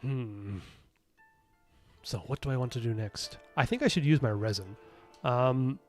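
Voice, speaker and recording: A man streaming a video game, chatting casually, rambling and thinking out loud as he answers his chat. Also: medium pitch, unhurried, soft background music. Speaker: gaming streamer. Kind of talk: casual gaming commentary.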